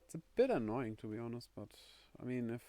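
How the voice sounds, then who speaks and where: A man's voice: medium pitch, very animated, fast talker, dark tone. A man casually commenting on his game playthrough, chatty and thinking aloud, often amused. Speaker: streamer.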